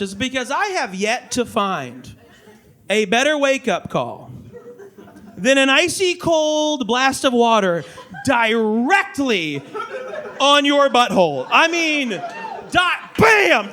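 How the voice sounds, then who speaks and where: A man in his thirties doing a stand-up comedy set on a club stage, animated and slipping into mock voices. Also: very high voice, a little slow, a faint crowd. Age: 30s. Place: comedy club stage before a live audience. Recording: live club audience faintly heard. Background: audience laughter.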